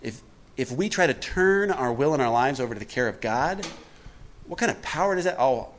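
A man's voice: mid-range voice, animated, brisk, a little hiss or hum. A middle-aged man giving a twelve-step recovery talk to a group, conversational and emphatic, often putting questions to his listeners.

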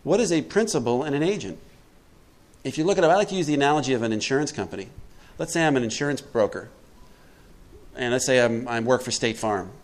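A man's voice: mid-range voice, animated, fast talker. A middle-aged man giving a twelve-step recovery talk to a group, conversational and emphatic, often putting questions to his listeners.

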